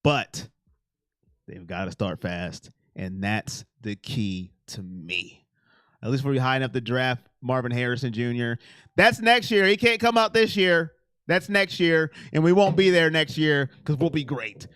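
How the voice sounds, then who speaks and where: Bright, slow-talking sports stream host. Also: male voice, medium pitch, clean tone, no echo, studio quality. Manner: excitable, talks straight to chat. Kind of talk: casual live-stream chat with viewers.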